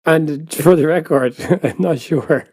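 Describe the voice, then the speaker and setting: Irish male co-host, relaxed chat, dark mellow tone, dry close sound. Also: on the high side, slow pace, slightly rough, no echo. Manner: chatty, laughs often, trails off mid-sentence. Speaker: podcast co-host. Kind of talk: casual chat.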